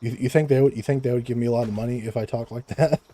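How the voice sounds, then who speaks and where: A man's voice: medium pitch, fairly even intonation, rapid-fire, warm tone. A young man chatting casually on a live game stream, stammering, repeating words and laughing often, close to his microphone. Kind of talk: casual live-stream chat while gaming. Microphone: close desk microphone.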